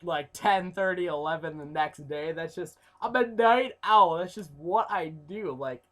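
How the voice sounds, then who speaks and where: A young man telling a rambling story in a casual vlog, full of fillers, swinging between loud outbursts and mumbled asides. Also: a little high, unhurried. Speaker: YouTuber.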